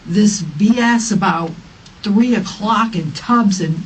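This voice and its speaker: A woman's voice: medium pitch, slow pace, husky. A woman police detective bluntly dismissing a suspect's story during an interrogation, without cursing. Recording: distant mic in a noisy interrogation room.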